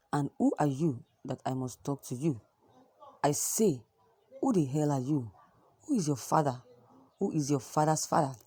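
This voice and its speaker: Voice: medium pitch, warm tone, slightly rough, no echo. A news reader who reads a report and then gives emphatic, repetitive opinion commentary. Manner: emphatic, repeats points with restarts.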